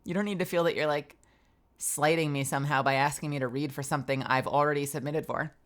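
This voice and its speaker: A woman voice actor streaming from her home booth, telling a story in an animated way and acting out both sides of the conversation. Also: sits low, quick pace. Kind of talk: casual stream chat.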